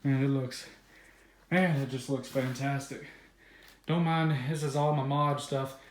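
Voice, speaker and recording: Excited young man, echoey room. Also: mid-range voice, a little slow. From US South. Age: 20s. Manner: excited, rambling, many fillers. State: out of breath. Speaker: car vlogger. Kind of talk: casual unboxing vlog.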